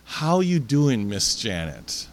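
Gruff, tender teenage boy, told by a man. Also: mid-range voice, sing-song, slow. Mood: reassuring. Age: teens.

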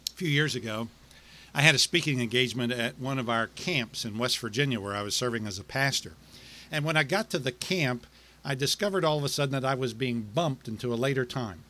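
A middle-aged male pastor delivering a sermon, with rhythmic repetition and dramatic pauses. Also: mid-range voice, sharp tone, slight background noise.

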